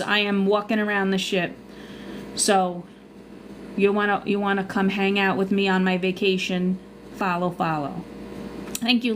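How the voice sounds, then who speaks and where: A woman with a Long Island accent talks her viewers through cruise questions on a casual livestream. She is chatty and easily sidetracked, and her voice sits a little high. A faint hiss runs under the recording. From Long Island, New York. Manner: chatty, loses her train of thought. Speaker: travel agent and cruise livestreamer.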